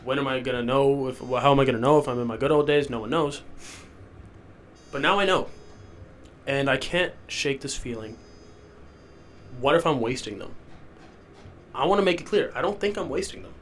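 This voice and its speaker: With a mid-range voice, a moderate pace, and long pauses, a sniffling young man hosts his rambling podcast alone from a rented house basement. He comes across as loopy and self-deprecating, and slight background noise can be heard.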